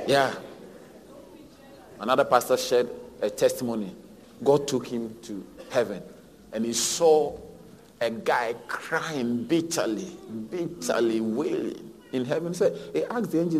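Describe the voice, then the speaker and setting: A man preaching a sermon as pastor, swinging between hushed lines and loud, emphatic repeated phrases. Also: medium pitch, unhurried, a faint crowd. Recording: long hall reverb.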